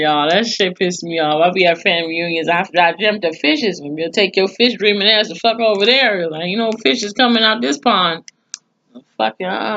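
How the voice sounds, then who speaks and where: A woman's voice: medium pitch, moderate pace, fairly bright tone, highs cut off. A woman recapping a TV episode in casual, profane storytelling, with plenty of asides and cursing. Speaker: TV series reviewer.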